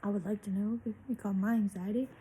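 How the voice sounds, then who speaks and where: A woman's voice: medium pitch, steady tone, fast, mellow, a little hiss or hum, low-quality recording. Candid young woman telling a story. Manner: candid, swearing, loose chatty storytelling. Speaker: vlogger. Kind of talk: personal story time.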